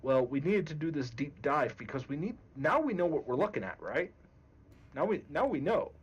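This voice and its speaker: A man speaking as a guest game master in a casual discussion, deliberate and emphatic. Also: fairly high pitch, big pitch swings, husky, lo-fi sound.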